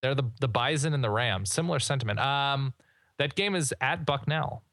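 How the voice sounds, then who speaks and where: A man's voice: medium pitch, normal speed, fairly bright tone, dry recording. A man co-hosting a podcast, chatting casually about college football with joking, rambling asides. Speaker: podcast co-host. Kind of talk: casual sports chat.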